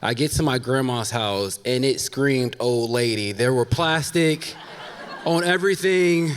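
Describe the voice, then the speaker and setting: A man's voice: mid-range voice, measured pace, some chatter behind, slight background noise. A man in his thirties telling a funny true story on stage, candid, with laughing asides to the audience. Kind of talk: live personal storytelling on stage. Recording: long reverb of a stage hall.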